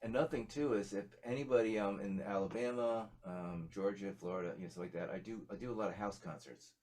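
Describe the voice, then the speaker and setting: Man, interview guest, lowish voice, rambling, lots of fillers. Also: fast, a little mellow. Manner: rambling, many fillers and restarts. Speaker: musician guest. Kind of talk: casual interview chat.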